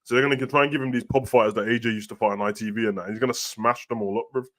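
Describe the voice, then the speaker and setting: A man's voice: medium pitch, steady tone, racing, fairly bright tone. A man, chatting casually and animatedly about football and boxing as a podcast host, dropping slang constantly. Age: adult with a young son. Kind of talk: casual chat.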